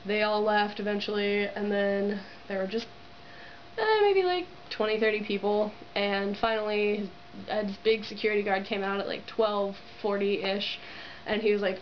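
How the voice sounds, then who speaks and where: A woman's voice: medium pitch, lively intonation, normal speed, slight background noise. A young woman telling a story to her camera in a giddy, giggly way, gushing and full of "like" fillers, on dull lo-fi camera audio. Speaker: vlogger. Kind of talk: excited casual storytelling to camera.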